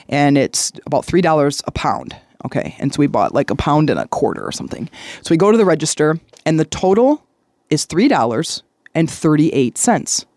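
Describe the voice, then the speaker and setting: A woman's voice: low-pitched, darkish tone, no echo, clean studio sound. A woman hosting a solo podcast, telling a story in a chatty way and checking in with the listener as she goes. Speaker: podcast host.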